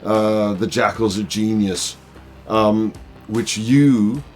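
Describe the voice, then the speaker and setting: A man hosting a casual comic book review, talking in a halting way with many fillers. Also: on the low side, fairly even intonation, soft background music. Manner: halting, full of uh and um. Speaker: comic book video host.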